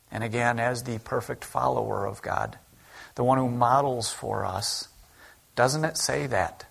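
A male pastor delivering an earnest, conversational sermon with a gravelly edge to his voice. His pitch sits in the middle of the male range. He talks to the congregation plainly, as if chatting with them. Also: measured pace, a bit bright. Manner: conversational, earnest preaching that acts out quoted speech.

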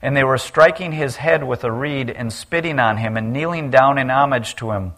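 Man, preacher, sermon, scripture reading, loud peaks, hushed low lines. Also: normal speed. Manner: reads scripture aloud, loud at cries, drops low and quiet for key lines.

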